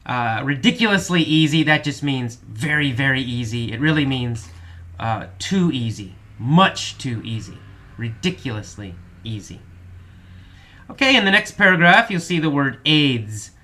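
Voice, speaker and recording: Bright-voiced man patiently explaining vocabulary. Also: medium pitch, lively intonation. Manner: slow, patient explanations with repetition and fillers. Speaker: English teacher. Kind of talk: vocabulary lesson explaining words.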